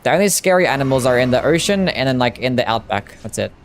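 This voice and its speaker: A man's voice: medium pitch, animated, quick pace, slight background noise. A man with an Australian accent, joking casually with his chat while streaming a game. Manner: casual, joking, chats with viewers. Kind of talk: live gameplay stream commentary.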